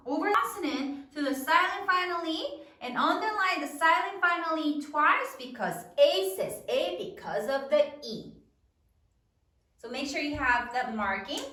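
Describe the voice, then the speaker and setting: Slow sing-song woman teacher, spells out each sound, roomy echo, bit far from the mic. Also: high-pitched, sharp tone. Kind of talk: spelling lesson dictation.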